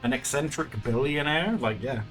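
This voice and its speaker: A man's voice: medium pitch, moderate pace, fairly bright tone, soft background music. A man chatting casually while streaming his art, rambling and laughing often. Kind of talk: casual live-stream chat.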